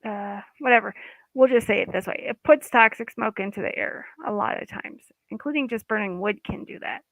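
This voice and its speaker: A woman's voice: medium pitch, normal speed, vocal fry, no echo. A woman giving a casual, guided self-help talk as an EFT coach, informal and chatty, sometimes losing her words. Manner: chatty, informal, loses words mid-sentence. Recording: dry, phone-like line.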